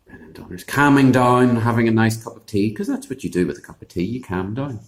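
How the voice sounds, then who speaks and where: A male storyteller with a mid-range voice telling a folk tale in a lively, chatty way. The sound is roomy and echoey. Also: medium pitch, fairly quick, few pauses. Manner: lively, conversational, with sound effects in voice. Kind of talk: animated oral storytelling. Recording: echoey room.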